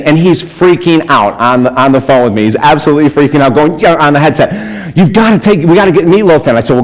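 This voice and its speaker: Sex: man. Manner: animated storyteller. Style: sermon. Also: a little high, rough recording. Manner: animated, chuckles often, acts out the voices of people in his stories. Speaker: spiritual speaker and life coach. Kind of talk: storytelling sermon to a live audience.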